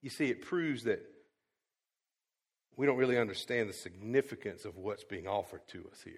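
A male pastor preaching a sermon, swinging from quiet to loud and emphatic. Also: lowish voice, expressive, normal speed, breathy edge. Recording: long hall reverb.

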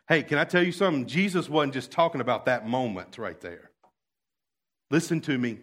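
A man preaching a sermon, dropping to quiet asides and then rising to loud, fervent passages. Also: medium pitch, expressive, moderate pace, slightly rough. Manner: swings from hushed asides to loud impassioned preaching.

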